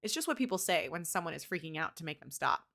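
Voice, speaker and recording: A woman's voice: low-pitched, big pitch swings, quick pace, creaky, a bit bright. A woman reading a novel aloud on a live stream, chatting back to the chat between passages. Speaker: book reader on a live stream.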